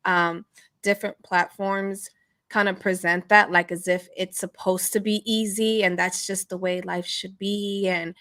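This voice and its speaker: A woman's voice: medium pitch, flat delivery, a little slow, fairly bright tone, no room sound, clean studio sound. A woman co-hosting a casual podcast chat, earnest and slangy with plenty of fillers. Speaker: podcast co-host.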